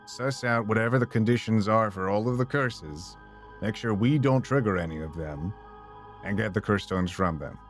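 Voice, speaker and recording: A man's voice: lowish voice, normal speed, faint music behind. A man casually chatting and planning moves while playing a game with a friend. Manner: thinking aloud, planning. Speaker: host. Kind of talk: casual let's-play chat.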